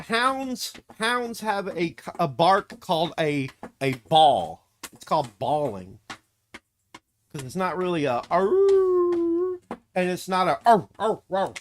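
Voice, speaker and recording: A man's voice: high-pitched, a little hiss or hum. A man streaming casually, cooing to his dog in baby talk and swearing freely when he rants. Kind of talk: casual live-stream chat.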